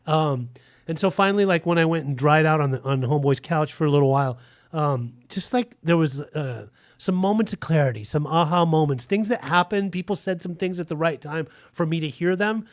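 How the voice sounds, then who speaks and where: A man in his forties tells a frank, rambling story in a podcast interview, with "like" scattered through his speech. His voice sits a little high for a man. The recording is dry, with no room sound. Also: a little fast, no echo. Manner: rambling, frank, full of "like" fillers.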